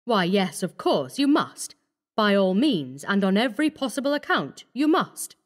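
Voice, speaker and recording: A woman voicing a cold, scheming young male doctor who talks calmly and menacingly. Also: medium pitch, a little slow, natural voice. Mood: coaxing. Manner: calm, coaxing, menacing.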